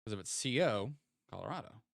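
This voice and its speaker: A man's voice: lowish voice, lively intonation, brisk, creaky, no room sound, studio quality. A man streaming a geography guessing game, thinking aloud and playfully teasing his chat as he goes. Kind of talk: casual live-stream game commentary.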